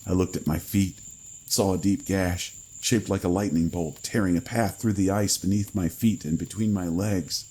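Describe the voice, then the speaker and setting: A man reading a horror story in a measured, grave manner with dramatic pauses. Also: low voice, steady tone, darkish tone, slightly rough, poor audio. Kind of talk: scripted horror narration.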